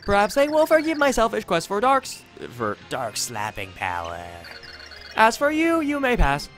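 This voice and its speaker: A man's voice: high voice, wildly swooping pitch, moderate pace, fairly bright tone, faint music behind, pitched above the performer's own voice, exaggerated voice. A man voicing solemn male martial-arts brothers in a video game, speaking formally. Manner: formal, old-fashioned speech.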